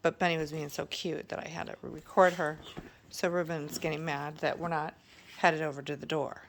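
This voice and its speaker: A woman at home filming her dogs on a phone, talking to them in coaxing baby-talk that swings from soft murmurs to high excited calls. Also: normal speed, vocal fry, a little hiss or hum. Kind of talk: casual talk to pets.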